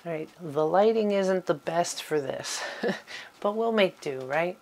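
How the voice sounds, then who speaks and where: A middle-aged woman giving a relaxed, chatty tour of her small home craft room. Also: on the low side, slow pace. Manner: chatty, with fillers and little laughs. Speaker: vlogger giving a studio tour. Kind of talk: casual tour talk.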